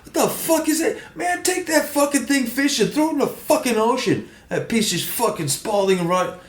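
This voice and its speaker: A man's voice: very high-pitched, animated, normal speed, pitched above the performer's own voice. A man putting on a brash, profane male tattoo shop boss who scolds and barks. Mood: scolding. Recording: echoey room.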